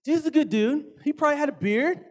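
A man preaching a conversational sermon, animated, stretching key words for emphasis and often turning to the audience with asides. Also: extremely high pitch, rapid-fire.

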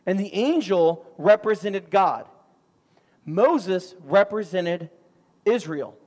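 A middle-aged man preaching a sermon, telling stories in an animated way with sudden loud outbursts. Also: sits high, slow. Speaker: pastor. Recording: long hall reverb.

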